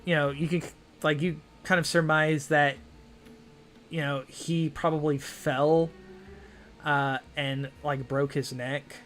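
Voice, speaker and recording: A man's voice: a little high, flat delivery, slow, a bit bright, soft background music. A man narrating as game master of a tabletop game, rambling with many fillers and hedges.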